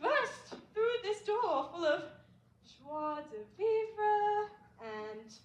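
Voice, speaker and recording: A woman's voice: extremely high pitch, expressive, exaggerated voice. A young woman in a school stage play, playing a flamboyant, gushing actress who speaks in a theatrical way. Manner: theatrical, gushing, drawn-out vowels. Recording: echoey auditorium, faint hiss.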